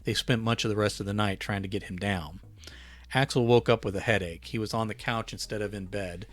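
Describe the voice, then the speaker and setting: Low-voiced man reading his story. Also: a little fast. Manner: relaxed reading with small self-corrections.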